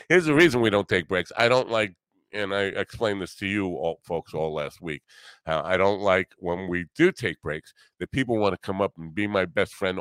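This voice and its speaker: With a low-pitched yet fairly bright, clear, resonant voice, a middle-aged man who hosts a podcast and plays music rambles casually. His manner is blunt and self-deprecating, full of swearing and fillers, and the recording has no room sound.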